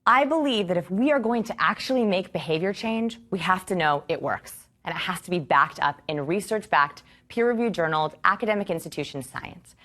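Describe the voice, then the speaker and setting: A woman in her thirties teaching a course to a live audience, enthusiastic and expressive, asking rhetorical questions. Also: lowish voice, fairly quick, few pauses. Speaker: course instructor.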